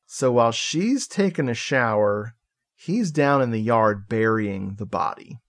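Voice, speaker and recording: A man on a podcast casually recapping a movie plot, animated and joking, with swearing and laughing asides. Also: mid-range voice, a little slow. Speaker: podcast co-host.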